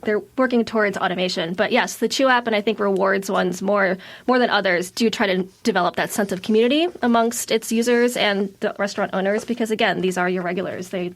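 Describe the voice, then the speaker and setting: A woman's voice: mid-range voice, a little fast, hardly any pauses. A woman guest on a podcast, agreeable, with hedging fillers. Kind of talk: casual podcast chat.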